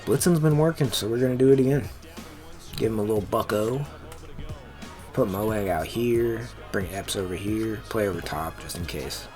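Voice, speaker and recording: A lower-voiced man calls his football video game as he plays, his pitch jumping up when a play goes wrong and dropping to a mutter when he plans the next one. He swears at the players on screen. Clear music runs behind him. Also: moderate pace, a little mellow. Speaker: gaming commentator. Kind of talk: casual gameplay commentary.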